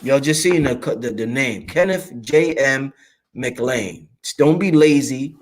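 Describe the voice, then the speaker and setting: Slow-paced and medium-pitched, a Brooklyn, New York man hosts a casual stream, cursing casually as he goes through the chat and answers it. He is expressive, streetwise, and talks right to his audience.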